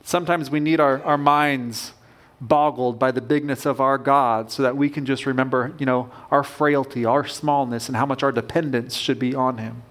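A man's voice: mid-range voice, steady tone, moderate pace, a bit bright. A man preaching a sermon as pastor, earnest and emphatic, with rising bursts of conviction.

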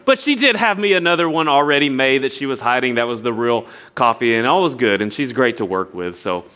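With a mid-range voice and a brisk pace, a young adult pastor delivers a sermon built on stories. He animatedly impersonates others and makes earnest appeals.

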